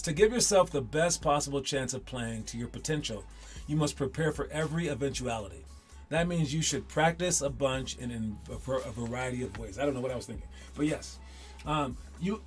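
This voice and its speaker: A man hosting a casual basketball livestream, talking in a rambling way with many restarts and self-corrections. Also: fairly high pitch. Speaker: basketball show host.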